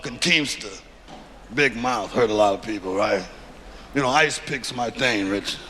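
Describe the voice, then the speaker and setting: A man putting on the voice of a gruff, boastful older male mobster with a heavy put-on accent, on a noisy live recording. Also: medium pitch, normal speed, in a large hall, voice pushed down, natural voice. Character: tough-talking older male mobster, boisterous.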